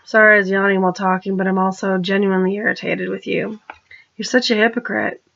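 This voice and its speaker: A woman talks straight to the camera in a rambling personal monologue, often restarting her sentences. She turns pointed and accusing as she goes. Her voice sits at a middle pitch, and the recording is dull and lo-fi. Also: flat delivery, quick pace, vocal fry, a bit bright. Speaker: vlogger.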